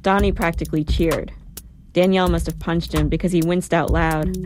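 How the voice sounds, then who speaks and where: A woman narrates a first-person story in a steady, measured reading voice. Her pitch sits low for a woman, and soft music plays faintly beneath her.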